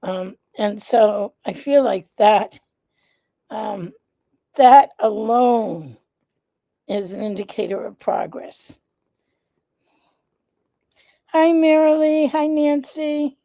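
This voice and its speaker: A congested woman hosting her live vlog in a casual, chatty way, often pausing with "um" and greeting viewers by name. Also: on the high side, animated, gravelly, dark tone, dry recording. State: congested, nasal stuffiness. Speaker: vlog host, founder of an organization. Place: indoors at home.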